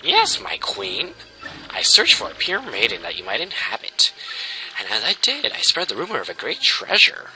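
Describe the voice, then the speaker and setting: A man voicing a cold, scheming female witch servant who speaks slowly and fawningly. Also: medium pitch, huge pitch swings, over music, voice pushed up, low-quality recording.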